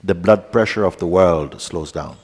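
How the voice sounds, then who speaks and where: A man giving a calm, unhurried satsang teaching as a spiritual teacher, pausing often and speaking softly. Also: low voice, slightly rough. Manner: calm, unhurried, with pauses and soft asides. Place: large meeting hall. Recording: hall with long reverb.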